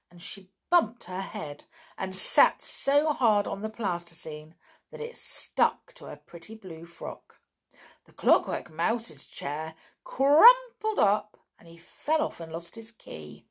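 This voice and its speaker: A woman reads a children's storybook slowly and expressively, letting her pitch rise and fall widely. Her voice carries a gravelly texture, and she adds dramatic gasps and sighs. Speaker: narrator. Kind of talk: storybook reading.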